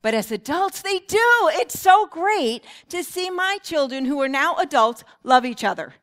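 Earnest middle-aged woman, parenting seminar speaker, high voice, storytelling delivery. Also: very animated, measured pace, fairly bright tone.

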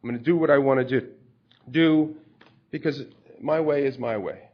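A man's voice: medium pitch, moderate pace, slight background noise. A man preaching a sermon in a conversational way, explaining scripture through everyday stories. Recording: dull lo-fi recording.

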